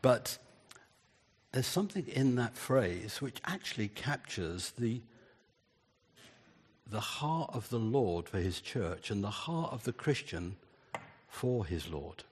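A man's voice: lowish voice, animated, slow, pauses often, in a large hall, slight background noise. An older man preaching a sermon in an earnest way, building emphasis through repeated phrases.

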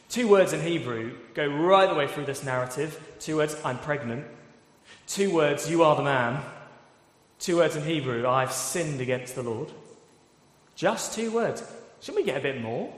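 A man preaching a sermon, expressive, asking rhetorical questions and acting out quoted voices. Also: mid-range voice, normal speed, long pauses. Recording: echoey hall with long reverb.

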